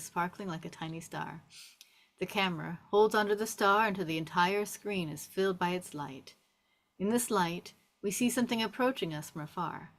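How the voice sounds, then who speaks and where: Low-pitched woman reading stage directions. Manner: descriptive, steady reading. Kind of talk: table read narration.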